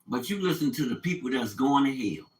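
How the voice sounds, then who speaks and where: A man's voice: mid-range voice, lively intonation, brisk, roomy sound, low-quality recording. An older man in an unscripted monologue, ranting in a profane, preachy way and quoting scripture with fire. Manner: quotes scripture, fiery preaching tone. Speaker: vlogger.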